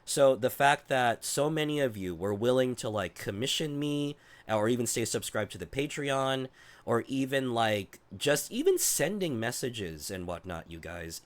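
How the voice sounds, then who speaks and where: Rambling man with a cold-worn voice. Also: mid-range voice. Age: 30s. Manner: rambling, restarts and swears often. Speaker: streamer. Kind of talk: casual chat to viewers.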